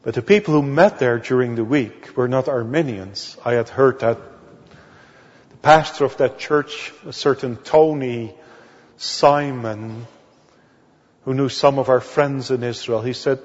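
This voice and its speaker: A male minister from the Netherlands, preaching a sermon in slow, deliberate storytelling that leans on key words. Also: mid-range voice. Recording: dull audio with long hall reverb.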